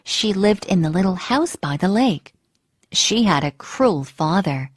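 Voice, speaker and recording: A woman reading a children's storybook aloud in a slow, expressive way, acting out the characters. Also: mid-range voice, slightly rough, dry recording, studio quality.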